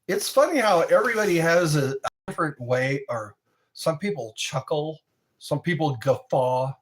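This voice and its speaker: Speaking at a moderate pace in a fairly high, animated voice, this man runs a livestream. He rambles through a casual chat, responding to viewer comments and chuckling frequently.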